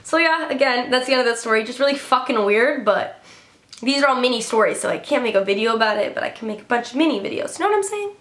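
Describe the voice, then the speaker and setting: A woman's voice: on the high side, animated, fast, fairly bright tone, roomy sound. A young woman from Illinois telling casual storytime tales, full of "like" and swearing. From Illinois, USA. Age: young adult. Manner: chatty, swears a lot, heavy filler "like". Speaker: vlogger.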